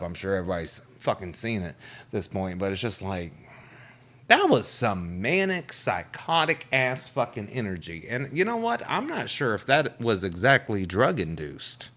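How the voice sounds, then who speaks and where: Animated man ranting with lively pitch. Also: normal speed. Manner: animated, profane, jumps into quoted voices. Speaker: comedy show host. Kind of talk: casual comedic monologue.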